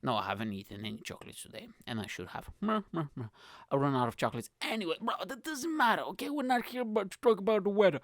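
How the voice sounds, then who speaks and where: A man who is a stand-up comedian hosting his own podcast, rambling loudly and swearing constantly as his pitch jumps suddenly. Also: very animated, quick pace, no room sound, studio quality. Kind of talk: solo comedy podcast monologue.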